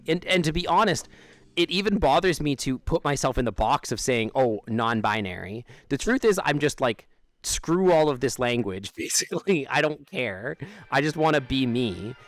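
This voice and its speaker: A livestreamer with a mid-range, slightly bright voice chats casually while sitting outdoors near an amphitheater. He rambles, often laughs, and lets sentences trail off unfinished.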